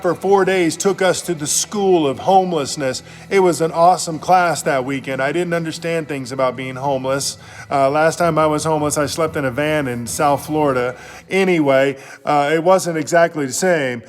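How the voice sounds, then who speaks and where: Man, pastor, enthusiastic and slangy, slightly high voice, faint music behind. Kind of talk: casual motivational talk.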